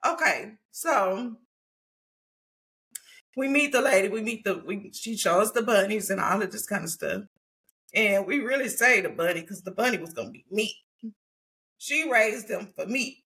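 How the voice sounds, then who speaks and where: A woman, hosting a casual faith conversation and telling stories with animated delivery and frequent laughter. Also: mid-range voice, normal speed, long pauses. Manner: animated storytelling, laughing often. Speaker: podcast host.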